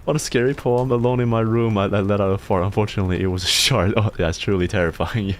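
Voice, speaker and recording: A man streaming live, reading viewer submissions, excitable, swearing often and stammering over repeated words. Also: lowish voice, fast, slight background noise. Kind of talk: casual live-stream chat.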